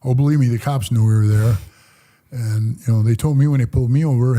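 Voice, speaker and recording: An older man, a podcast guest, telling stories in a casual interview. He talks roughly and swears, and he acts out the people in his stories. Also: medium pitch, fairly even intonation, quick pace, warm tone. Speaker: podcast guest, former motorcycle club president.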